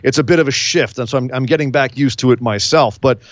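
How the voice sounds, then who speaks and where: A man's voice: medium pitch, fast, no room sound, dull audio. A man co-hosting a casual podcast, chatty and joking, with some stumbles and restarts. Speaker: podcast co-host.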